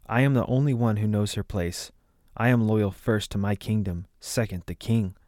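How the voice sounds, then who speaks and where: A brave young princess, as a man reads her, stands her ground in an earnest, resolute voice. It sits low and the sound is dry. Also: moderate pace, darkish tone, dry recording, natural voice. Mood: defiant. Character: defiant young princess, brave but shaken.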